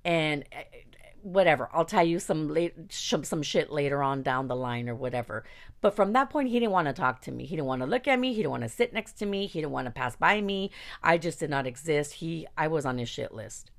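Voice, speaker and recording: A woman casually telling a personal story, candid and profane, animated and quick to laugh. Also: sits low, gravelly.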